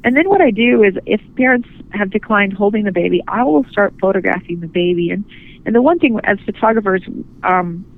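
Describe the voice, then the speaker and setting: A woman guest, a photographer, speaking earnestly and gently in a phone interview, often restarting her sentences. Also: medium pitch, expressive, brisk. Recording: tinny phone line.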